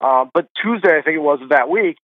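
A man with a fairly high voice tells stories chattily, stumbling and restarting as he goes. He comes through a dry, tinny phone line. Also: lively intonation, no room sound. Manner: chatty storyteller, quick restarts. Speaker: golf writer guest. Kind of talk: casual podcast interview chat.

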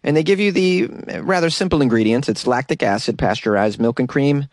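A man's voice: medium pitch, brisk, a little mellow, dry recording, studio quality. A man hosting a casual solo podcast, chatty and jokey and rambling, who often laughs at his own jokes. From New York. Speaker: podcast host.

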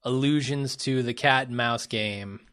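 A man co-hosting a casual podcast, calmly recapping scenes step by step and offering his own take. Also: mid-range voice, unhurried, smooth. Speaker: podcast co-host. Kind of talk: casual show discussion.

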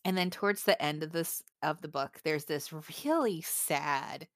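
A woman's voice: sits low, unhurried, fairly bright tone, no echo. A young woman co-hosting a casual book podcast, gushing and giggling as she reads favorite quotes aloud. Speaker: podcast co-host.

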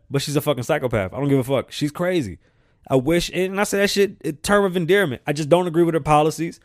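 A man's voice: on the high side, a little mellow, no room sound, clean studio sound. A man hosting his own show, ranting bluntly about politics and business in a profane, repetitive way. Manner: blunt, profane and repetitive, building to heated outbursts. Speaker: show host. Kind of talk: opinion rant monologue.

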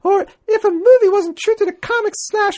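A man voicing a gushing old-lady cook in a shrill, warbling falsetto that is over the top. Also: brisk, darkish tone.

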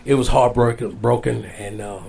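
A man's voice: medium pitch, steady tone, normal speed, vocal fry, warm tone. A man as an interview guest, telling a long personal story in a casual, rambling way, repeating his phrases. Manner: rambling, repeats phrases, folksy Southern-style speech.

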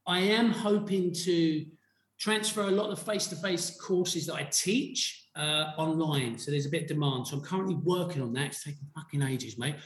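A man, a wellness coach, chatting quickly and matily as a podcast guest. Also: fairly high pitch, roomy sound. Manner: quick, blokey and matey. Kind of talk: casual chat.

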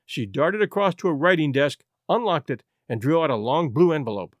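A man narrating a classic story in an expressive, dramatic reading. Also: on the high side, brisk, hardly any pauses, no echo, studio quality. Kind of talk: scripted audiobook narration.

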